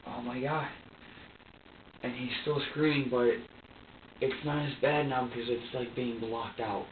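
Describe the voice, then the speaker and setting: A distressed man answers investigators' questions in a halting, repetitive way, often restarting his sentences. He is caught on a distant room microphone with a tinny, narrow sound. The room is echoey and there is a faint hiss behind him. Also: mid-range voice. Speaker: suspect under questioning. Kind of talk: emotional account to investigators. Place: interrogation room. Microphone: far room microphone.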